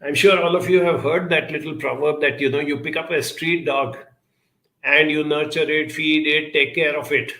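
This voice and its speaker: A man answering audience questions in a reflective advice talk, speaking in a measured, deliberate way with frequent pauses. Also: fairly high pitch, fairly even intonation, sharp tone, roomy sound, poor audio.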